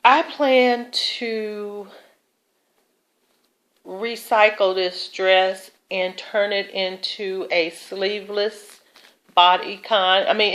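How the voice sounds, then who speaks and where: A woman's voice: mid-range voice, a bit bright, lo-fi sound. A woman chatting casually about her thrift store finds in a vlog, with fillers and self-corrections. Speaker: thrift haul vlogger. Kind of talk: casual show-and-tell vlog.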